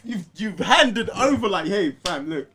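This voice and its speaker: A man co-hosting a casual podcast chat, excitable and prone to repeating himself. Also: high voice, measured pace, slightly rough. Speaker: podcast co-host.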